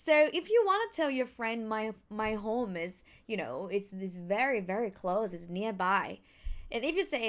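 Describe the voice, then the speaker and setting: A young woman with a Thai accent teaching a language lesson, slowing right down to sound out each tone. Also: fairly high pitch, lively intonation, fairly bright tone. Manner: slow, careful, drawn-out tone demonstrations.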